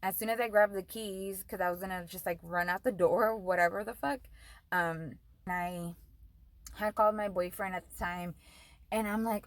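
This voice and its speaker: A woman's voice: fairly low pitch, moderate pace, no echo, rough recording. A young woman vlogger telling a story in a casual, rambling way, swearing often and saying "like" a lot. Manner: profane, rambling, says "like" a lot.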